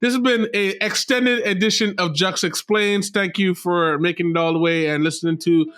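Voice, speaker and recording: A man's voice: high-pitched, steady tone, moderate pace, fairly bright tone. A man in his thirties hosting a casual podcast, recounting embarrassing stories with exasperated, self-deprecating humor. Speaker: podcast host.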